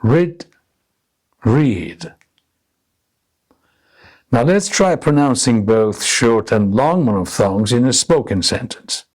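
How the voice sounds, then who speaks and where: A man narrating a scripted English lesson, explaining pronunciation slowly and deliberately. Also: mid-range voice, expressive. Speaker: English teacher.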